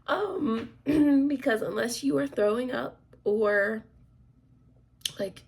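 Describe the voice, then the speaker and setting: A woman in her thirties chatting casually as a vlogger, rambling with lots of fillers, clearing her throat often and dropping to soft asides. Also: a little high, slow. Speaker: crafts vlogger and military instructor. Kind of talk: casual chat.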